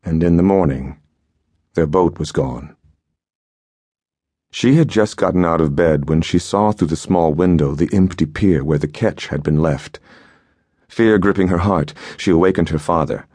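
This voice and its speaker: A male audiobook narrator with an extremely low, deep voice, reading a story in a measured and steady way. The sound is close and dry, with no room around it. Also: dry recording. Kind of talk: scripted narration.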